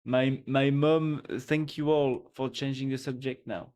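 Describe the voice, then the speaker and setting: A man from France with a French accent, streaming and chatting casually in English, playful and quick to laugh, often trailing off and restarting. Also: medium pitch, steady tone, a little mellow, smooth. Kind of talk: casual live-stream chat.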